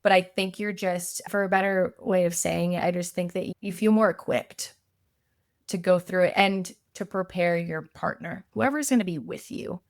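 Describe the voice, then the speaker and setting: A woman's voice: fairly low pitch, normal speed, no echo, clean studio sound. A woman, a podcast guest, telling her story in a chatty, casual way, full of fillers and acted-out quotes.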